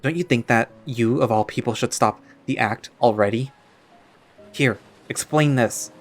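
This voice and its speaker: A man's voice: medium pitch, unhurried, faint music behind, natural voice. A man playing a young man who presses a friend with earnest, hurt questions.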